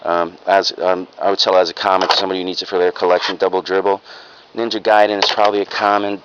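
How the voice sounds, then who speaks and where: A man casually showing off his secondhand finds in a video, rambling and frank, with plenty of ums and uhs. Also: deep voice. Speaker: reseller vlogger. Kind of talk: casual show-and-tell haul video. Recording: lo-fi home video with clear background noise.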